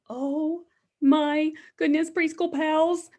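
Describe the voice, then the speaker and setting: Woman, high voice, unhurried delivery, preschool teacher, picture-book read-aloud, sing-song, hushed whispered asides. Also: lively intonation. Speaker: preschool teacher reading to children. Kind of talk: reading a picture book aloud to young children.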